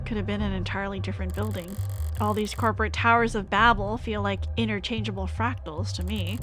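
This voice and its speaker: A woman's voice: mid-range voice, close to an everyday voice. A woman voicing a cynical lawyer from a story game in a dry, world-weary, sarcastic way. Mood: sardonic. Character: cynical, sardonic lawyer narrating a visual novel. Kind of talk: reading a game's lines aloud.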